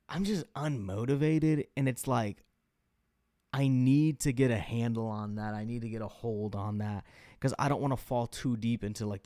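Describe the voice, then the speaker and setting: A man's voice: medium pitch, darkish tone, no room sound. Young male podcast host from the Midwest, casual solo rant, chatty and profane, close dry recording, mid-range voice. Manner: rambling, profane, lots of fillers.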